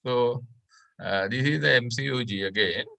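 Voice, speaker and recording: A Sri Lankan man with a creaky yet bright and forceful medium-pitched voice teaches a medical class online at a moderate pace. As a medical lecturer, he explains step by step and regularly checks in by saying "right?".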